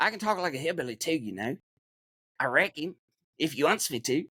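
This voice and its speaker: A man's voice: fairly high pitch, sing-song, a little fast, bright, forceful tone, slightly rough, no room sound, studio quality, exaggerated voice. A man putting on a folksy rural hillbilly voice.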